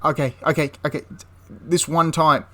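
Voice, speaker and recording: A man's voice: fairly high pitch, steady tone, moderate pace, fairly bright tone, lightly acted. A man voicing a genial, easygoing male Italian army officer within a spoken history story, friendly and relenting.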